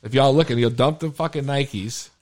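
A man's voice: mid-range voice, normal speed. A tipsy man hosting a podcast, telling stories in casual banter with lots of swearing and stumbling over his words. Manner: profane, animated storytelling. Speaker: podcast host. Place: podcast studio.

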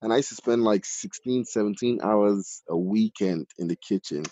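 Chef guy from nigeria chatting, lots of "like" and "you know", warm low tone, dry sound. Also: moderate pace, dry recording. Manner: animated, many fillers like "like" and "you know". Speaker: chef, podcast guest. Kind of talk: casual storytelling in an interview. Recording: dull lo-fi audio.

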